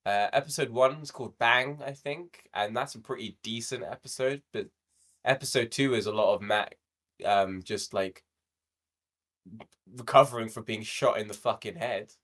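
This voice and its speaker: A young man with a medium-pitched, slightly bright voice co-hosts a podcast at a moderate pace. He chats casually about a show, laughing often and swearing freely.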